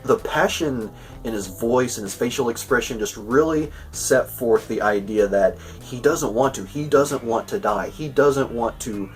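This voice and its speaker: A man talks through a TV episode review in a loose, chatty way, often stopping and restarting his sentences. His voice sits at an ordinary middle pitch. He is a little distant from the mic, with faint music underneath. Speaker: show host reviewing an episode. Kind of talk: casual spoken episode review.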